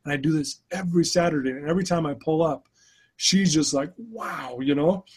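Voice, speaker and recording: A man's voice: a little high, a little fast, darkish tone, slightly rough. A middle-aged man, a podcast guest, telling a personal story in an earnest, emotional way, often restarting his sentences.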